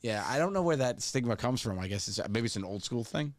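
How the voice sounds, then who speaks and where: A middle-aged man co-hosting a podcast, telling lively family stories in casual chat and laughing often. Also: mid-range voice, quick pace, no echo, clean studio sound. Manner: animated storyteller, laughs often. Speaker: podcast co-host.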